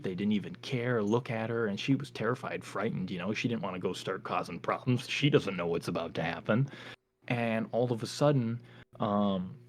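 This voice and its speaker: A man with a fairly low voice casually recounts a story as a podcast co-host. He speaks with animated energy, stringing events together with loose filler words.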